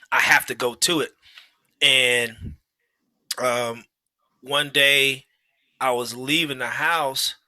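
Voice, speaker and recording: A man in his thirties, a father telling a story in a relaxed way during a casual podcast chat, with lots of fillers and restarts. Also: medium pitch, dry recording.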